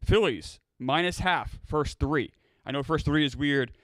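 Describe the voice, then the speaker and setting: Man, slightly higher voice, dry close mic, casual betting talk, wry, stammers. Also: a little slow, a bit bright, dry recording. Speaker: podcast co-host. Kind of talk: casual sports betting chat.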